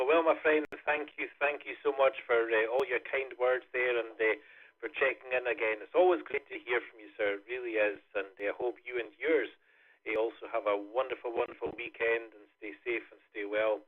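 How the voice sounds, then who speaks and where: A man's voice: medium pitch, steady tone, brisk. Scottish man hosting a radio net. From Scotland. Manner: chatty, warm sign-offs, laughs often. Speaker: net control host. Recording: phone-like radio audio.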